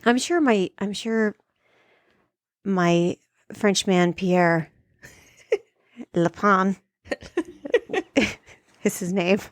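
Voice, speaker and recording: A woman's voice: medium pitch, very slow, long pauses, dry recording, faint music behind. A woman co-hosting a comedy podcast, chatting in a profane, sarcastic, joking way. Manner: profane, sarcastic, playful, deadpan jokes. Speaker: podcast co-host. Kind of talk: casual comedic chat.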